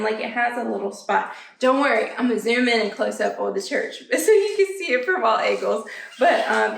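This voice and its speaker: A woman vlogging from home and telling a rambling story to her viewers. Her voice sits a little high and has a gravelly fry, and the room around her is echoey. She pops up into a much higher voice whenever she quotes someone. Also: slight background noise. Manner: chatty, animated, acts out quoted voices in a much higher pitch. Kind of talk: casual storytelling vlog.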